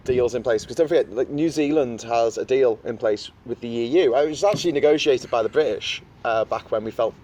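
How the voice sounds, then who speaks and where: A man's voice: medium pitch, a little fast, hardly any pauses, a little mellow, far from the mic. A man from the UK hosting a casual political podcast, explaining with confidence and drifting into tangents. He is recorded outdoors in the wind. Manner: chatty, digressive, confident explainer. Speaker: podcast host. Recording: faint background noise, outdoors with wind.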